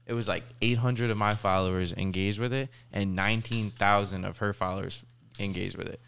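A young man chats on a podcast at a quick clip, tumbling through loose, slangy, swear-laden talk. His voice sits low and gravelly. A faint hiss runs under it. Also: fairly even intonation, a bit bright. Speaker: podcast guest. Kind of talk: casual podcast chat.

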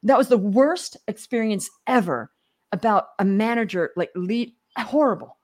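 A middle-aged woman, a podcast guest, telling personal stories in a lively way, acting out what people said and often restarting her sentences. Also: on the high side, normal speed. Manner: animated storyteller acting out quoted voices, many restarts. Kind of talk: casual storytelling in a podcast interview.

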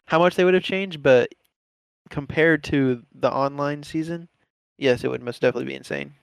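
A man's voice: a little high, normal speed, gravelly, clean tone, no room sound. A young man chatting as a guest, laid-back and hesitant, giving short answers. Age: young adult. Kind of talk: casual chat.

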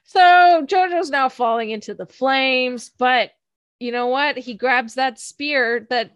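A chatty woman recaps a show in a casual talk, sarcastic and animated, often laughing through her words. Her voice sits fairly high. The sound is dry and close, with no room around it. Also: slow pace, smooth, no echo. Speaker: podcast co-host recapping an anime. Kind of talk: casual chat.

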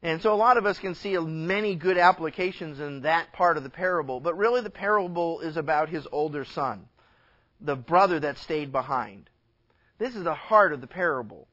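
A male pastor preaching a sermon, telling a parable with lively storytelling and briefly acting out the characters' lines. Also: fairly high pitch, moderate pace, muffled recording.

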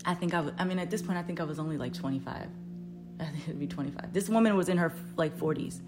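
A woman podcast host telling a story in a casual, animated, profane way, her voice jumping up loud when she quotes herself. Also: on the low side, fast talker, music in the background.

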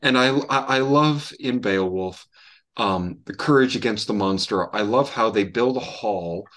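A man's voice: fairly low pitch, fairly bright tone. A man co-hosting a podcast from home over an online call, chatting eagerly and often restarting his sentences. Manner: eager, halting, full of restarts. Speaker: podcast co-host. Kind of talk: casual chat.

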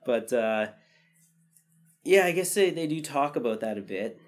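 A man's voice: medium pitch, expressive, a little slow, soft background music. Man talking film over at length. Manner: thoughtful, explains at length with restarts. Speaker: podcast co-host. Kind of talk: casual chat.

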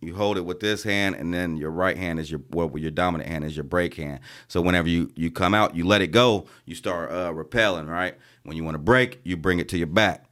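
Deep-voiced man telling a profane story. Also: a little fast, few pauses. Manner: profane, animated storyteller who acts out quoted sergeants. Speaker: podcast co-host, Army veteran. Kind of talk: casual storytelling among friends.

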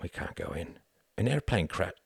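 A man voicing a grim fireman who speaks in a low, flat voice in an audiobook. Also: moderate pace, vocal fry, breathy edge, no room sound, clean studio sound, heavily acted.

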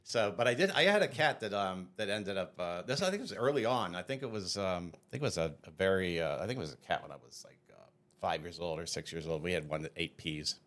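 A man with a very low, deep voice co-hosts a casual comedy podcast. He rambles through pet stories with false starts and chuckles at his own punchlines. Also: lively intonation, quick pace, fairly bright tone. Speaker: podcast co-host.

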